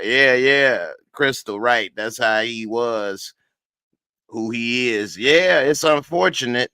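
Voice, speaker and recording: A man's voice: medium pitch, slow, bright, forceful tone, smooth, no room sound. A man reviewing a TV episode in casual live-stream chat, tired and laid-back, reading viewer comments. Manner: laid-back, slangy, tired late at night. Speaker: TV show reviewer.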